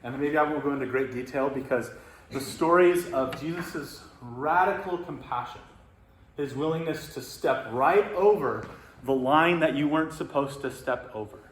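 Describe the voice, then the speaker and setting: A man's voice: mid-range voice, normal speed. A man teaching about the Bible in a reflective, hesitant way, with many fillers. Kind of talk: teaching talk. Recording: roomy echo, faint noise.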